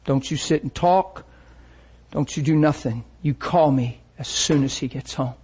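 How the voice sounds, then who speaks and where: An older man delivers a sermon in a husky, slightly high voice. He tells stories with animation, acting out the people he quotes. His voice swings between hushed asides and intense bursts. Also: measured pace. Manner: animated, acts out quoted voices, laughs often. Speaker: preacher. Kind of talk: sermon storytelling.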